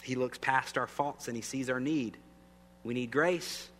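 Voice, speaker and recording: A man's voice: mid-range voice, measured pace, fairly bright tone. A man preaching a sermon in a conversational way, often asking the audience questions. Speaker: pastor. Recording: long reverb, faint hum.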